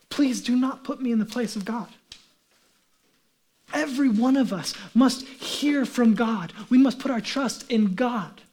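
A man's voice: very high-pitched, darkish tone. A man, a pastor, preaching a sermon in an earnest, emphatic way and asking the congregation rhetorical questions.

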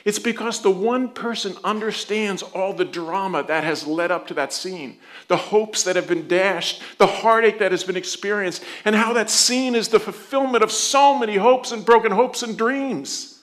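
High-voiced man preaching a sermon. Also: normal speed, hardly any pauses. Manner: conversational, playful storytelling with asides; soft, low prayer voice. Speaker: pastor.

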